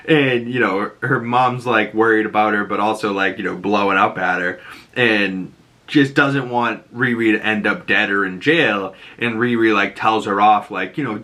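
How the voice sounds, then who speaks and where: A man recapping a show in a casual vlog, rambling fast with lots of filler words. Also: fairly low pitch, sharp tone. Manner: rambling, fast, full of "like" and "you know".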